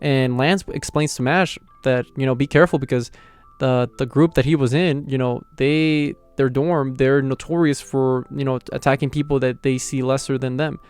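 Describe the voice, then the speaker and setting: A young man excitedly recapping an anime episode in slangy, casual talk. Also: mid-range voice, moderate pace, smooth. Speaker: anime reviewer.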